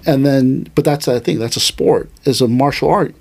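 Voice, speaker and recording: Guy teaching martial arts on a podcast, animated, restarts a lot, mid pitch. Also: creaky. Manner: animated, thinks aloud with restarts and quick asides. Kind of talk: casual podcast conversation.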